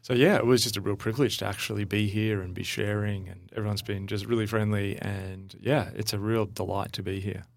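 Gravelly Australian male guest. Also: lowish voice, fairly even intonation, brisk, few pauses. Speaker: guest, church leader. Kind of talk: conversational interview.

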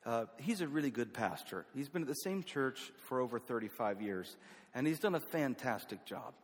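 Southern man, North Carolina roots, middle-pitched, telling a folksy story in a big reverberant hall. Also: animated, moderate pace, breathy edge. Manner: folksy, self-deprecating, with laughs. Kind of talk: personal storytelling.

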